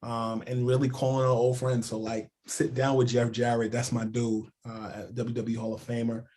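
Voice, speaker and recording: A man telling stories as a sports journalist guest on a casual podcast, animated and full of "like" and "yo". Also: medium pitch, normal speed.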